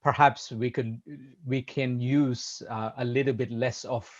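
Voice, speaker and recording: A man hosting a podcast, talking in a measured, hedging way with many restarts. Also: mid-range voice, fairly even intonation, lo-fi sound. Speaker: podcast host. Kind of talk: casual conversation.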